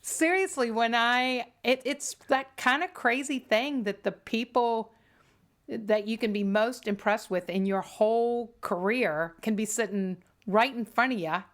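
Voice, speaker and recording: A woman hosting a podcast, chatting with animated, enthusiastic reactions. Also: fairly high pitch, measured pace. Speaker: podcast host. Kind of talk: casual interview chat.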